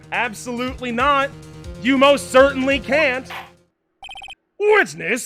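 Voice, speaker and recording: A stern, pompous old judge, as a man puts him on lays down the rules in a formal tone. His delivery swings with animated pitch. Game music runs behind him. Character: stern elderly male courtroom judge.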